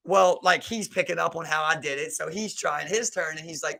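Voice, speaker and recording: A man's voice: fast talker, creaky, few pauses. A man with a Baltimore accent telling a story on a casual podcast, acting out the people in it and swearing freely. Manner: animated, acts out quotes in a low voice, swears freely. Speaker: podcast co-host.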